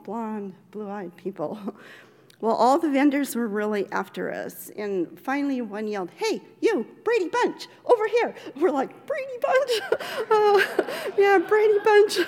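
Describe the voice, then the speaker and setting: Slow, reflective older woman storyteller. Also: on the high side, big-room sound. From Oregon, USA. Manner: slow, gentle, reflective, laughs lightly. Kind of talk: personal memoir storytelling.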